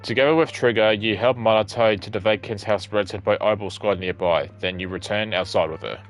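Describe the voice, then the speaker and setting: A young man streaming a game, reading the narration aloud and commenting offhand in a relaxed way. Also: on the low side, fairly quick, faint music behind.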